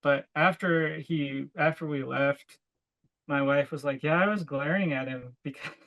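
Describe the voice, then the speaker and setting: A young adult man who co-hosts a podcast chats casually in a fairly high, slightly slow voice with a fairly bright tone, caught on a rough recording. He tells rambling, filler-heavy stories packed with "like," sometimes laughing along the way.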